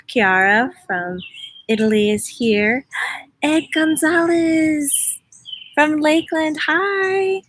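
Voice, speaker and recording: A woman's voice: fairly high pitch, no echo. A woman hosting a casual livestream outdoors in her front yard, chatting and greeting viewers by name. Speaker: host, spiritual medium.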